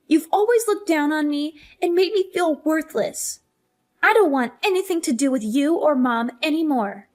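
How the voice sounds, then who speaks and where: A woman's voice: sits high, lively intonation, moderate pace. A young woman narrating a scripted family drama as herself, defensive and exasperated. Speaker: story narrator playing herself.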